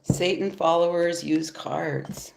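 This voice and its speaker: A woman hosting a casual tarot reading live from home, her voice low and her pace slow and unhurried. Allergies leave her sounding stuffy and nasal. She talks in a laid-back, loose way into her phone, swearing in passing. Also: fairly even intonation, creaky, music in the background. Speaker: tarot reader. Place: home after yoga.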